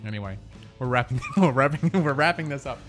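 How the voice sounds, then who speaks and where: A man's voice: medium pitch, expressive, fairly quick, faint music behind. A man hosting a podcast in casual chat, rambling and teasing with many fillers and restarts. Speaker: podcast host.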